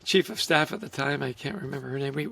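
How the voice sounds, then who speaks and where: A middle-aged man from Canada, a podcast guest, telling casual anecdotes in a lively way and laughing often. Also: mid-range voice, quick pace, gravelly, dry recording.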